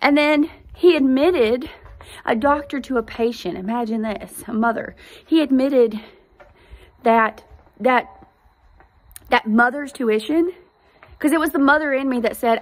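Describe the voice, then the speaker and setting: Woman, mother, podcast host, slightly higher voice, earnest conversational faith testimony. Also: measured pace, pauses often.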